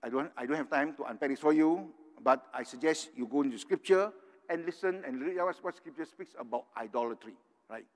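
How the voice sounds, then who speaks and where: A man's voice: a little high, fairly quick. An older man from Singapore preaching a sermon, earnest and tagging his points with "right?". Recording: long hall reverb.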